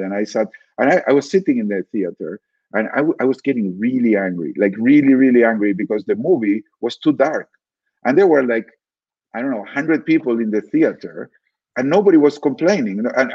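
A man's voice: mid-range voice, a little mellow, breathy edge, dry recording, highs cut off. A man talking through ideas as a podcast guest, thoughtful, often repeating words while he searches for them. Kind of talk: reflective conversational explaining.

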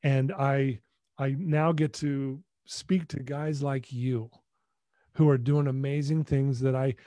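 A man telling a personal story as a podcast guest, in an emphatic, animated way. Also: mid-range voice, slow pace, no room sound.

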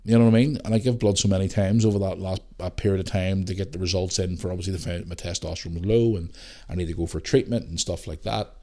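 A man's voice: sits low, fast. A man in his thirties with a Northern Irish accent, telling stories animatedly on his podcast. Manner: animated storyteller, swears mildly, acts out voices in anecdotes. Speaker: podcast host. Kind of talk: casual storytelling monologue.

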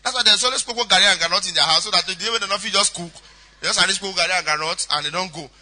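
A Nigerian man preaching a storytelling sermon, animated, sliding into pidgin and acting out voices. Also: sits high, very fast. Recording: echoey hall.

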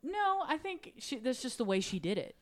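A woman co-hosting a podcast, joining casual chat with quick, dry teasing remarks. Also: high-pitched, very animated. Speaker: podcast co-host.

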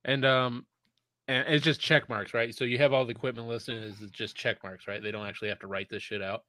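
A man co-hosting a casual live podcast, telling stories with lots of swearing and loud mimicked voices. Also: medium pitch, brisk, no room sound. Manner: profane, animated storytelling with loud put-on voices. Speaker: podcast co-host. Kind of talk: casual chat.

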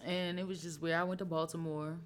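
Lady podcast cohost, lowish voice, cussing a lot, gets real animated telling her story. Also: fairly quick, slight background noise. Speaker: podcast co-host. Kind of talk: casual chat.

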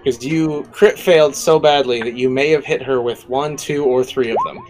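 A man narrating as game master in a tabletop game, relaxed and laughing, thinking aloud with fillers as he goes. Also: mid-range voice, moderate pace, faint music behind, poor audio.

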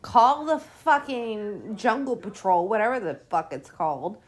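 Animated, profane woman ranting at a movie. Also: mid-range voice, unhurried. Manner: profane, exasperated, sarcastic ranting. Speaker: podcast host. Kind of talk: casual movie commentary.

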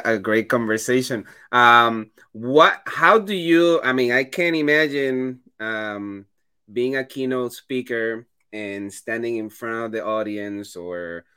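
A man's voice: medium pitch, bright, forceful tone, clear, resonant tone. A man hosting a casual interview, affirming his guest and asking questions. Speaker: podcast host.

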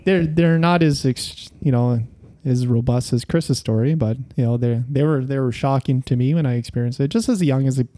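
A man with a mellow, warm voice chats loosely on a podcast. He tells rambling stories full of fillers and swearing. His pitch sits in an ordinary middle range. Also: moderate pace. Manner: rambling, profane storytelling with many fillers. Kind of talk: casual chat.

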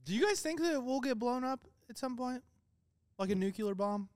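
A playful young man on a comedy podcast, swinging his pitch around as he jumps into bits. His voice sits a little high and sounds dry and close, with no room around it. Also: expressive, normal speed, no echo. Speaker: podcast co-host. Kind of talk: casual comedic chat.

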